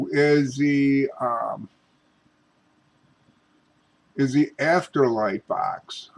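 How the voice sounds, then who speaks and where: A man demonstrating ghost box apps, talking in a halting way with many restarts and calling out politely to spirits. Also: medium pitch, vocal fry, low-quality recording. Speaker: paranormal investigator.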